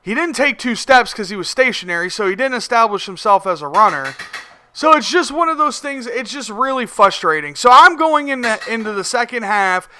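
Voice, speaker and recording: High, bright-voiced man in profane game commentary. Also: smooth. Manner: profane, competitive, excitable, repeats words when restarting. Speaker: gamer commentating his own match. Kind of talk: casual gameplay commentary voice-over.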